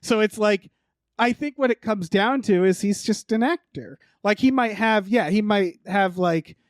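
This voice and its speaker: High-voiced man in loose movie chat. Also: measured pace, no echo, clean studio sound. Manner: loose, profane, laughing, trailing fillers. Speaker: podcast co-host.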